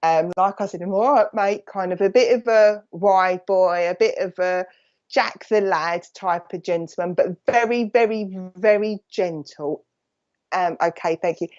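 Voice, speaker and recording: Essex woman psychic medium, warm chatty rambler who bounces between thoughts, live stream with slightly dull lo-fi sound. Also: on the low side, measured pace. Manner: chatty and affectionate, calls people "my lovely".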